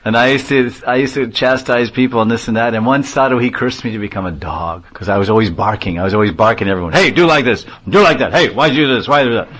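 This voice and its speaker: A man's voice: lowish voice, fairly even intonation, quick pace, hardly any pauses, fairly bright tone. A man voicing a humble, sly talking dog pleading politely before a king in a spoken fable. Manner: deferential, pleading storytelling.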